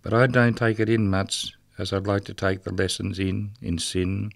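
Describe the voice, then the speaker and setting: A man's voice: lowish voice, flat delivery, moderate pace, creaky, no echo, pitched below the performer's own voice. A man reading a rhythmic dramatic monologue as the ghost of a murdered, drunken prison guard, bitter and mocking. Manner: rhythmic, incantatory delivery.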